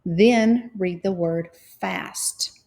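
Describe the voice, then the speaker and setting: A woman reading teacher leading a phonics lesson, spelling out letters and sounding out syllables slowly and patiently. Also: fairly low pitch, a little mellow. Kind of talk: slow, clear phonics lesson.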